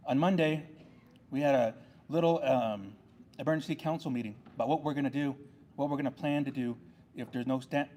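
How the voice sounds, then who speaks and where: A man's voice: medium pitch, darkish tone, a little hiss or hum. A man serving on a tribal council, giving an earnest ceremony speech with a repetitive, rallying delivery.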